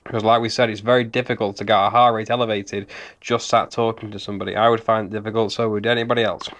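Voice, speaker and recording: A man's voice: lowish voice, little pitch movement, fast talker, fairly bright tone. A man giving analytical commentary over video clips, explaining steadily with frequent ums. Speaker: body language analyst.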